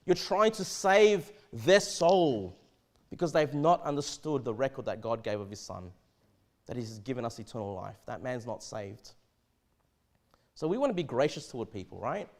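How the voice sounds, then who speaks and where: A man with an Australian accent preaching a sermon in a church, conversational and animated, often stammering and restarting his sentences. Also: medium pitch, fairly quick, creaky. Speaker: pastor.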